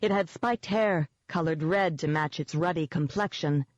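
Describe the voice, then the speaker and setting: A woman's voice: deep voice, moderate pace, no room sound, dull audio. A woman giving first-person scripted narration of an audiobook in a tense, vivid storytelling manner.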